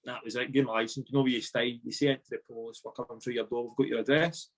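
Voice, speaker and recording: A man's voice: mid-range voice, rapid-fire. Scottish man telling a wild story. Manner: animated, swearing, acts out dialogue. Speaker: guest, former footballer. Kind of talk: casual storytelling.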